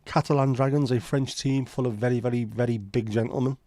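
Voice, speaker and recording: A man's voice: mid-range voice, steady tone, brisk, warm tone, no room sound. A man with a Scouse accent hosting a livestream, chatting casually and answering viewers in blunt, sweary banter. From Liverpool, England. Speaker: livestream host. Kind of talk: casual chat reading live comments.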